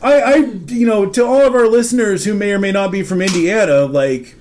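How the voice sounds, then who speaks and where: A man's voice: high-pitched, a little fast, darkish tone, slight background noise. A man in his thirties, a podcast host, telling a profane story in casual chat, often laughing.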